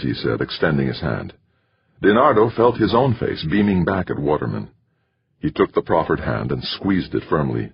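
A man narrating an audiobook in a steady, measured reading. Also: very deep voice, vocal fry, breathy edge. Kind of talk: scripted narration. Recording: dry, slightly muffled recording.

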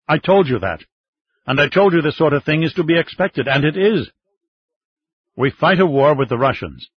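A man's voice: medium pitch, breathy edge, dry recording. A man voicing a stubborn older marshal who blusters and insists, on slightly dull, muffled audio. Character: defense minister, a stubborn, booming older male marshal.

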